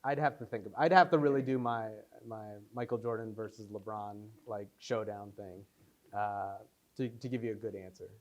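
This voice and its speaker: A man's voice: fairly low pitch, steady tone, moderate pace. Man fielding questions after a screening, loose rambling storyteller, acts out his own quotes. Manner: rambling anecdotes, many fillers, acts out quotes. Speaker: filmmaker answering audience questions. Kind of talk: casual post-screening Q&A. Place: screening room before an audience.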